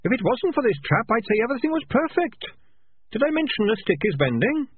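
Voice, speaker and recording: A tiny chirpy rat, high and muffled. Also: male voice, sing-song, a little fast, slight background noise. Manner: chirpy, matter-of-fact. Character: tiny cheerful male tap-dancing rat, chirpy. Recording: tinny phone-like audio, muffled.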